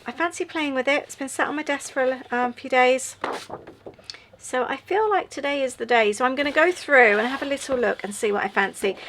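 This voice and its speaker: A woman in her thirties hosting a relaxed journaling vlog, chatting and musing aloud while she works. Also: a little high, a little hiss or hum. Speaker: journaling channel host. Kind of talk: casual crafting chat.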